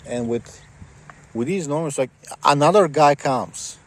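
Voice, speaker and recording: A man's voice: a little high, takes it slowly. Rambling sarcastic man ranting. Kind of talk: casual rant to camera.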